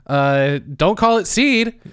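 A man's voice: high voice, lively intonation, slow, fairly bright tone, clean tone, dry recording, clean studio sound. A young man co-hosting a comedy podcast, giving wry reactions and sometimes trailing off into a mumble. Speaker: podcast co-host. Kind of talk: casual comedy chat.

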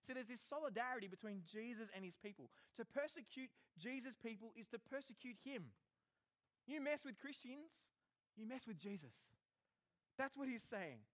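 High-voiced, animated male preacher. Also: moderate pace. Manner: animated, acts out quotes in voices. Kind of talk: sermon.

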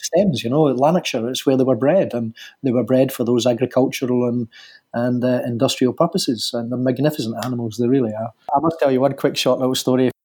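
A middle-aged Scottish man with a husky voice, a sculptor being interviewed, speaking in a hesitant way with many fillers and restarts. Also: medium pitch, steady tone, a little fast, warm tone. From Scotland. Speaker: sculptor guest. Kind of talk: conversational interview.

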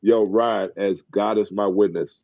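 A middle-aged man telling stories as a podcast guest, acting out quotes excitedly. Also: unhurried, dry recording, highs cut off. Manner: excited storyteller who acts out quotes in a high voice. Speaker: guest, former basketball player. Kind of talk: animated storytelling in a podcast interview.

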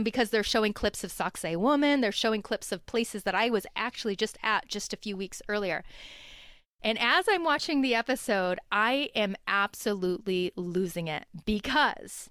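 Woman guest, lively storyteller, smooth clear voice, dry close sound. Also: medium pitch, normal speed, dry recording. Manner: animated, laughing storyteller. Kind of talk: casual storytelling. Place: home.

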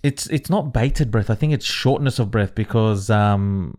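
A man from the Philippines hosting a casual podcast chat, playful and quick to laugh. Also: on the low side, darkish tone. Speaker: podcast host.

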